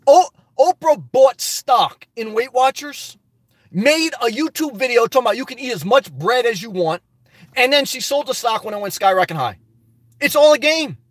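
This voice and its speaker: Male livestream host, very high pitch, animated and preachy, dry close mic. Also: normal speed, no room sound. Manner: rambling, preachy and animated, laughs often. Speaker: livestream host reading viewer chat. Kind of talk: casual live chat.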